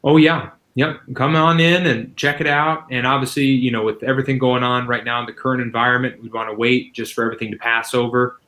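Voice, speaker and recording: A man's voice: medium pitch, flat delivery, brisk, few pauses, bright, forceful tone, poor audio. A man, a guest expert on senior living, answering interview questions in a casual, explanatory way with frequent "you know" fillers.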